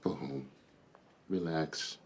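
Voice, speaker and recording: An actor playing a gruff male police captain who speaks bluntly and gives orders in a film drama. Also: extremely low pitch, fairly even intonation, slow pace, a little hiss or hum. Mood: stern. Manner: blunt, commanding.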